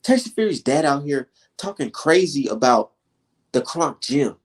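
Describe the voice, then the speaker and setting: A man's voice: mid-range voice, lively intonation, measured pace. A man giving casual boxing commentary for his own channel, ranting in a heated way. He swears a lot, fires off rhetorical questions and laughs between his points.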